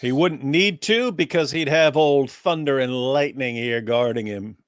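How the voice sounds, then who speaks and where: A man's voice: mid-range voice, measured pace. A man co-hosting a casual livestream, talking in rambling stretches and often breaking into laughter. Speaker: livestream co-host. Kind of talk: casual live chat.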